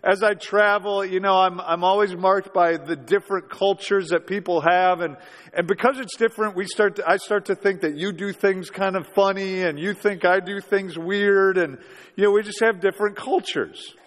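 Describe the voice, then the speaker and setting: A man's voice: sits high, fairly even intonation, normal speed, a bit bright. A man in his forties preaching a sermon, telling a story in a conversational way and asking rhetorical questions. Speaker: pastor. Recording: reverberant hall.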